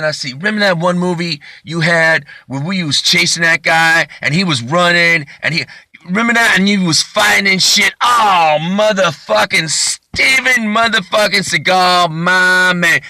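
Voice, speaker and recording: A man's voice: fairly high pitch, dry recording, pitched above the performer's own voice. A man voicing a starstruck arrested man on the ground, gushing over a film star. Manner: gushing, drawn-out, excited.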